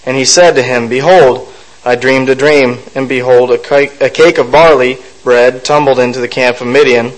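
A man leads a Bible study, reading the passage aloud in a middle-pitched voice and stopping to muse on its meaning. He often slips on a word, adds an "uh", and restarts the phrase. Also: poor audio. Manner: reads aloud with frequent fillers and self-corrections; thoughtful, musing asides. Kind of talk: scripture reading with commentary.

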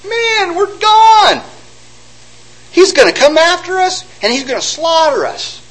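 A preacher doing a shrill, frantic crowd of fleeing Israelites whose voices leap up high and squeal with alarm as they whine about being doomed. He acts them out in the middle of his sermon. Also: very animated, unhurried, a bit bright, full character voice, poor audio. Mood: panicked. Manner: whiny, frantic complaining.

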